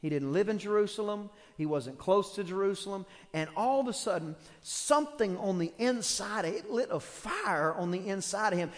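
A male pastor with a very high voice preaches in a church, acting out the voices in the stories he tells. His voice carries a long reverb tail from the hall. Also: moderate pace, hardly any pauses. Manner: animated storytelling with acted quotes. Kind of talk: sermon.

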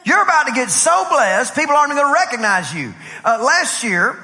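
High, bright-voiced pastor preaching. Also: male voice, fairly quick. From Texas. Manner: lively, repeats "I said" while acting out dialogue. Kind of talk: animated conference sermon storytelling. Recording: long hall reverb.

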